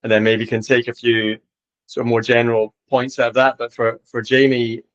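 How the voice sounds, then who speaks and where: A man in his forties from Edinburgh with a Scottish accent, talking in a relaxed, friendly way as a podcast guest, with fillers and repeats. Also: mid-range voice, moderate pace, lo-fi sound. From Scotland, Edinburgh. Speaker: tennis coach, podcast guest. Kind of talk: casual interview chat.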